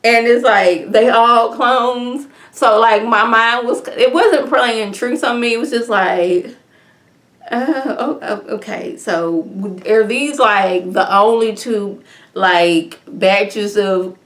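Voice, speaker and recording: A woman talking through a TV episode in a loose, conversational review. Her voice sits in a middle pitch, and she fills her sentences with "like" as she rambles. She jumps up sharply in pitch for her incredulous reactions. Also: slow pace, fairly bright tone, roomy sound. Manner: chatty, rambling, with frequent "like" fillers. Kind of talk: casual spoken review. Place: home.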